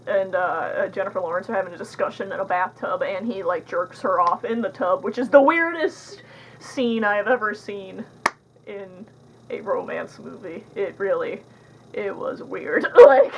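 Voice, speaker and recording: A woman's voice: medium pitch, lively intonation, a little slow, vocal fry, dull audio, slight background noise. A young woman casually reviewing a movie, rambling and sarcastic, with lots of filler words.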